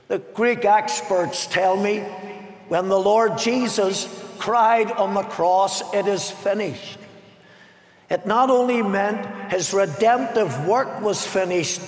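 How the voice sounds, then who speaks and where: An older man with a Northern Irish accent, a pastor preaching a sermon with slow, dramatic phrasing, long pauses and some half-sung lines, recorded in a large arena. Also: high voice. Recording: echoey arena with long reverb.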